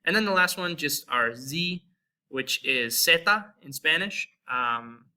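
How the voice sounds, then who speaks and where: A young American man with an American accent, giving a relaxed spoken lesson and slowly repeating example words. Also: a little high, clean tone. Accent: American English. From United States. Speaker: Spanish teacher.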